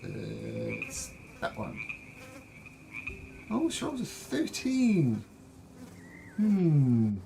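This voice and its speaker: A man runs a tabletop game as game master, talking slowly and easily through the dice rolls. His voice is gravelly, with a faint hiss of background noise. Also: high-pitched, huge pitch swings.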